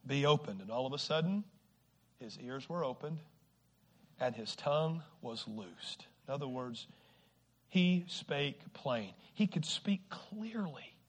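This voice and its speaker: A man preaching a sermon to a congregation, shifting from quiet, slow stretches to loud exhortation and stumbling over repeated words. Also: medium pitch, animated. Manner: swings from hushed to shouting exhortation, repeats words; acts out quoted people with sudden shifts.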